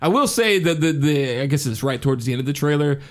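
Man, podcast co-host, laid-back, laughs often, casual swearing, slightly high voice. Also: animated, quick pace. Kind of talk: casual chat.

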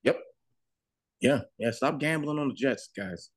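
A man with a mid-range voice talks in a lively, sing-song way, his pitch leaping as he jokes. He trades playful asides in casual podcast banter, recorded close and dry. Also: no echo. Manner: playful, animated, quick joking asides. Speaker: podcast co-host.

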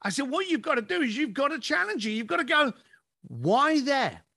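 A man's voice: very high-pitched, very animated, normal speed, creaky, bright, forceful tone. A man, a business coach telling stories in a podcast conversation and acting out his clients' lines.

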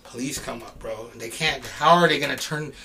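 A middle-aged man casually telling a story on a podcast, animated and swearing, shouting out the quoted lines. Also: medium pitch, fairly quick, far from the mic, slight background noise. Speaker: podcast guest.

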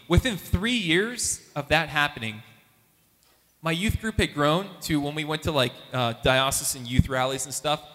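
A man, a youth minister, giving an animated testimony talk and acting out the voices of the people in his story. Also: on the high side, long reverb tail.

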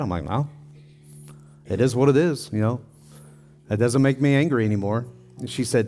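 A man's voice: medium pitch, brisk, dark tone, faint music behind. A middle-aged man preaching to a congregation with an earnest, heartfelt delivery. His voice sits in an ordinary middle register. He lifts his voice with feeling as he presses his point home. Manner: earnest, building to emotional intensity in a personal story. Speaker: pastor. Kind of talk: sermon.

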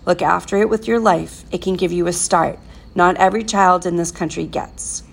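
A steady, deliberate middle-aged father, as a woman reading aloud puts him on, speaking in a measured, quietly firm way. The voice is gravelly with heavy fry and sits a bit higher and louder than her narration. It comes across as a storybook reading. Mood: calm, firm.

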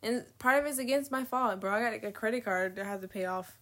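A young woman talks straight to the camera in a loose confessional vlog, rambling from one thought to the next with lots of slang and swearing. Her voice sits a little high and has a bright, crisp edge. She often trails off and laughs between thoughts. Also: fast talker. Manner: rambling, candid, slangy and profane. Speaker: vlogger. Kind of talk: casual confessional vlog chat.

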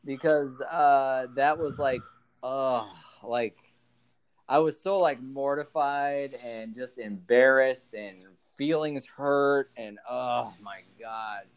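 A man's voice: mid-range voice, takes it slowly, clean tone. A man co-hosting a podcast, rambling through a story in casual chat with lots of fillers and restarts. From Illinois. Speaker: podcast co-host.

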